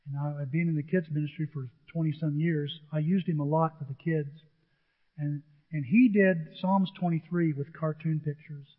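A man's voice: a little high, steady tone, normal speed. Middle-aged male pastor, emphatic and repetitive sermon delivery, thin lo-fi phone-line sound. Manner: earnest, repetitive, emphatic preaching.

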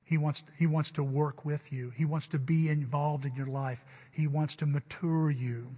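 A man preaching a Sunday sermon as pastor, emphatic and rising to loud stresses. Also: on the high side, fairly even intonation, moderate pace, husky. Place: church sanctuary. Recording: dull recording with long hall reverb.

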